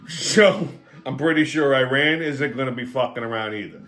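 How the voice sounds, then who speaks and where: A man's voice: mid-range voice, moderate pace, a bit bright, faint music behind. A male host ranting on a comedic political show, brash, swaggering and full of swearing. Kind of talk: profane comedic political rant.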